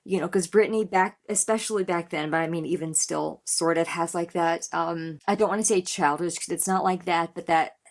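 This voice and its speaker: Woman, thirties, lowish gravelly voice, chatty, gushing, filler-heavy reaction talk. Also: fairly even intonation, moderate pace, hardly any pauses. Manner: effusive, chatty, many "like" fillers. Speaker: reaction channel host. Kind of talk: casual music reaction commentary.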